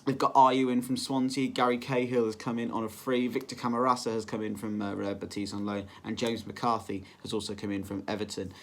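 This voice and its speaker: A man's voice: on the low side, little pitch movement, fairly quick, hardly any pauses, a little hiss or hum. Male vlogger, casual and rambling, filler-heavy delivery. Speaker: football vlogger. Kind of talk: casual solo prediction vlog.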